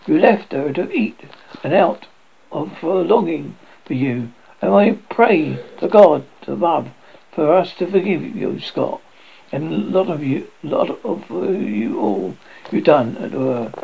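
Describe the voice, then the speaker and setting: A man's voice: a little high, lively intonation, unhurried, vocal fry, highs cut off, a little hiss or hum. A man voicing a bitter, grieving old woman servant who talks in rustic country speech and hurls accusations. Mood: vengeful.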